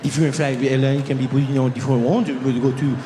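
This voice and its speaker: A man putting on the voice of an older French airport clerk with a French accent, halting and rambling in broken English. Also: mid-range voice, steady tone, mellow, echoey room, slight background noise, natural voice. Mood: muddled.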